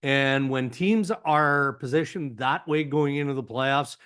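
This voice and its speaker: A man with a Canadian accent, a hockey insider guest on a podcast, speaking in a measured, analytical way with frequent "you know" fillers. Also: medium pitch, fairly bright tone, clean tone. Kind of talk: podcast interview.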